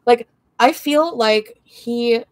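A woman's voice: a little high, drawn-out words, dry recording. A young woman livestreaming an angry, profane, rambling rant full of fillers.

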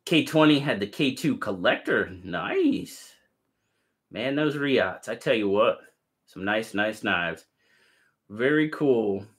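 A man's voice: fairly low pitch, big pitch swings, slow, a bit bright. A man hosting a casual live stream, cheerfully greeting viewers by name and chatting about their gear.

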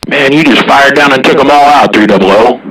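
A man's voice: mid-range voice, brisk, crowd noise. A man chatting casually over a CB radio in a drawling, slangy manner, recorded from some distance. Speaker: CB radio operator.

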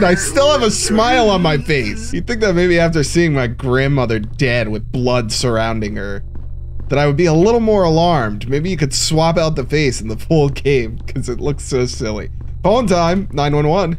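A man's voice: on the high side, very animated, measured pace, soft background music. A man joking sarcastically through a let's play commentary. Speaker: gamer.

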